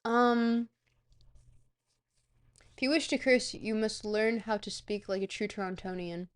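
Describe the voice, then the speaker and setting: Young woman streamer, relaxed unhurried delivery, slightly high voice, casual rambling chat. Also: clear, resonant tone. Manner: rambling, reads out and answers viewer questions.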